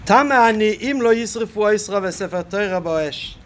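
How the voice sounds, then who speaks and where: Man, high-pitched voice, Talmud lesson, reads then explains, rhetorical questions, many fillers. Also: lively intonation, brisk. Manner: thinking aloud with many fillers and restarts. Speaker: Torah teacher. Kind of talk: Talmud lesson, reading and translating a text.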